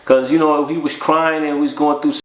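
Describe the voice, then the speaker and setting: A man tells his life story as a guest in a casual interview, candidly acting out the voices of others. His voice runs on the high side, flat in delivery and fairly quick, with a reverberant sound.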